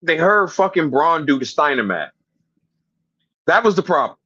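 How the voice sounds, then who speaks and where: A man jokes and swears through a wrestling podcast, his husky voice high and bouncy. The audio is dull and lo-fi, though dry. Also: very animated, normal speed, pushed and bright, dry recording. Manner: profane, joking, laughs a lot. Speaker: podcast co-host. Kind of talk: casual wrestling recap chat. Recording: muffled lo-fi audio.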